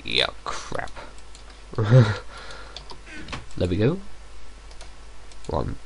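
A young man talks through his video game at an unhurried pace, stumbling over fillers as he goes. His voice sits a little low, with the faint click of a keyboard in the background. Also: animated, slight background noise. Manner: rambling, hesitant, full of fillers. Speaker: let's play gamer. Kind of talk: casual gameplay commentary. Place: room at home.

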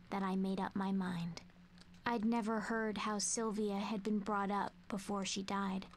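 An actress voicing a young girl who narrates a sad memory in a soft, slow, half-whispered game narration. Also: mid-range voice, slight background noise.

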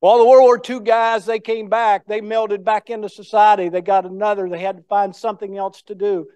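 A man's voice: high-pitched, level tone, fairly quick, a little mellow, clear, resonant tone, no echo. An older man giving a speech, telling war stories in a folksy, anecdotal way. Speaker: guest speaker. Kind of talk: storytelling speech.

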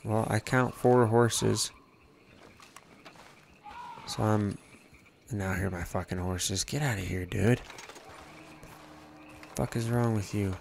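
A man's voice: fairly low pitch, steady tone, slow, creaky, long pauses, slight background noise. A man giving casual gameplay commentary, laid-back and profane, muttering to himself. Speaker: gamer.

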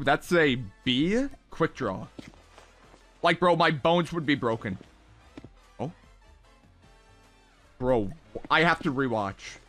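A young man giving casual, excitable reaction commentary, ranking game emotes with lots of slang. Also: on the high side. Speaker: gaming content creator.

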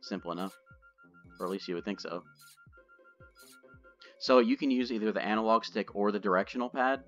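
Talking fairly quickly in a lowish, slightly bright voice, a man hosts a gaming channel and jokes around as he plays. His loose, chatty commentary includes swearing. The sound is dull lo-fi from a desk mic, with game music in the background.

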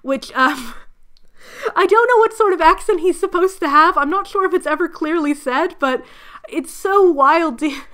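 A woman's voice: very high-pitched, expressive, measured pace, fairly bright tone. A woman giving a casual, sarcastic and exasperated spoken book review.

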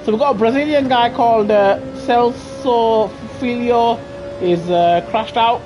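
A man with a British accent giving chatty, excitable live commentary on a racing game over a headset mic, laughing often and grumbling in mock outrage. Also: extremely high pitch, a little slow, music in the background. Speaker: gaming streamer. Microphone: gaming headset.

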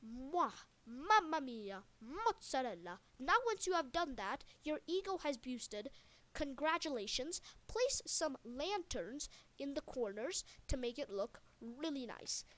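High-voiced woman rambling through a tutorial. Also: big pitch swings, unhurried, fairly bright tone. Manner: rambling, jokey, many fillers and self-corrections. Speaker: video game tutorial maker. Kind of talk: casual game tutorial narration.

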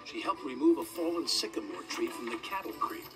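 A man giving a gentle, expressive scripted narration of a children's story. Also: on the high side, a little fast, distant mic, over music.

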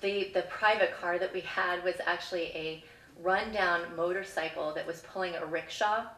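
A woman on the school committee telling a travel story at a live story slam, measured and earnest, pausing often with "um". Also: fairly low pitch, fairly even intonation, a bit bright. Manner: measured, earnest, frequent "um" pauses. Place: stage in a hall. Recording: echoey hall, mic from far off.

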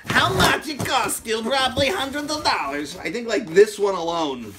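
A man hosting an unboxing vlog, exclaiming loudly over fan mail and swinging between shouts and muttered asides. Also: very high-pitched, lively intonation, normal speed, heavy background noise.

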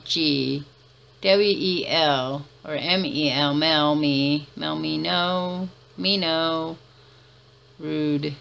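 A woman's voice: sits low, vocal fry, bright, forceful tone. A woman giving chatty let's-play commentary, laughing often and muttering to herself as she plays. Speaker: gamer.

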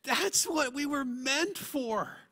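High, bright-voiced preacher man. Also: animated, slow. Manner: earnest, full of rhetorical questions. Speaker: pastor. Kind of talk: sermon. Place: church.

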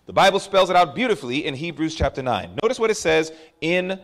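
Male preacher, sermon delivery, high voice, emphatic, draws out key lines. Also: expressive, a bit bright. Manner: emphatic, call-and-response with congregation; drawn-out stressed phrases for emphasis.

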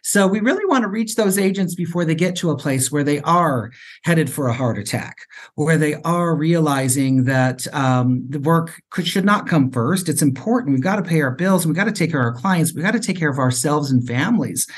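A man's voice: fairly high pitch, animated, normal speed, husky. A middle-aged man, a managing broker, speaking earnestly and reflectively in an interview. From Colorado. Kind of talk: conversational interview.

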